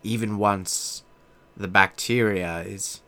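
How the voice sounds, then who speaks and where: A man's voice: on the low side, fairly even intonation, takes it slowly, fairly bright tone. A man hosting a solo podcast from his desk, rambling casually with a self-deprecating, swearing manner. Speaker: podcast host.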